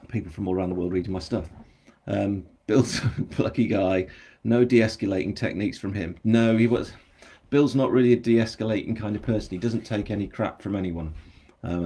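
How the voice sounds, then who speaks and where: Low, husky English man chatting. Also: dark tone. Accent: general English. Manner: chatty, rambling, self-deprecating, answering viewer comments. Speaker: author hosting his book launch. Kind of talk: casual live-stream chat.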